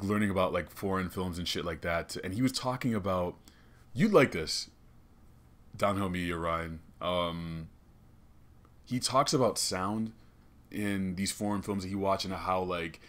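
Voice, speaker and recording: Young man, low voice, rambling, profane, comedy podcast host, studio. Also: a bit bright. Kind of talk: casual comedic podcast rant. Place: small recording studio.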